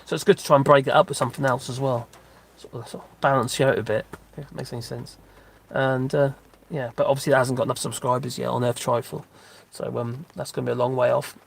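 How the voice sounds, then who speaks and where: A man's voice: mid-range voice, flat delivery, fast talker, vocal fry, hardly any pauses, slight background noise. A middle-aged man, chatting in a rambling, casual way during a live stream while out walking his dogs, with lots of fillers and restarts. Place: outdoors on a dog walk.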